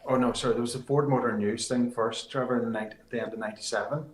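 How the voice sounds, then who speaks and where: A man, a rally competitor, guest in a casual interview, telling lively rambling anecdotes. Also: mid-range voice, rapid-fire, roomy sound, over a noisy crowd, poor audio.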